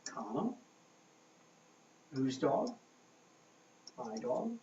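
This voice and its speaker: A man teaching a grammar lesson at a board, talking slowly and checking in often with "okay?". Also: mid-range voice, sing-song, a little mellow, slight background noise. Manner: slow, checking in with frequent "okay?". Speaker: English teacher. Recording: echoey room, mic far off, dull lo-fi sound.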